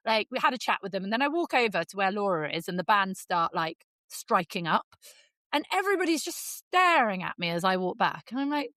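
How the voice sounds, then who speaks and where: A woman with an English accent, co-hosting a podcast and telling a story in casual, lively chat, jumping into high voices for quotes. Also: fast talker, dry recording. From England. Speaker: podcast co-host.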